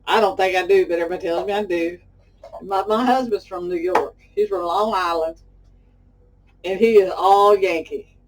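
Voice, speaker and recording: A woman's voice: fairly low pitch, steady tone, normal speed, far from the mic, low-quality recording. A middle-aged woman from Texas with a Southern accent, chatting folksily to viewers as she demonstrates a recipe. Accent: Texan Southern. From Pasadena, Texas. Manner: folksy and talkative, addresses viewers as y'all. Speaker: cooking show host. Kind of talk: casual cooking demonstration with chatty stories.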